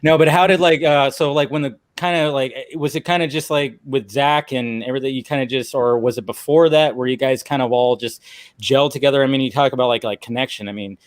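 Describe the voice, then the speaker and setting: A man's voice: medium pitch, steady tone, fairly quick, dry recording, studio quality. A man hosting a casual stream interview, asking rambling questions packed with fillers over a video call. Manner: rambling, full of "I mean" and "like". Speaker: stream host.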